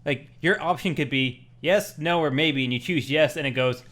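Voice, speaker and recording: A man co-hosting a gaming podcast in casual chat, animatedly acting out bits of game dialogue. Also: on the high side. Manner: animated, acts out game dialogue in quick voices. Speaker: podcast co-host.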